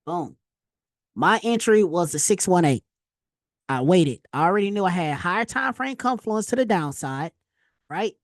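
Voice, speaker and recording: A woman teaching a casual trading lesson over a screen share, slangy and animated, telling stories with loud exclamations. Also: lowish voice, moderate pace, pauses often, no echo, clean studio sound. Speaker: trading instructor.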